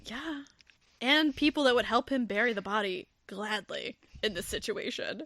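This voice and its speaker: Animated, bright-voiced woman podcast host. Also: fairly high pitch, normal speed, a little hiss or hum. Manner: animated storytelling, acts out quotes, swears and laughs. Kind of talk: casual book recap chat.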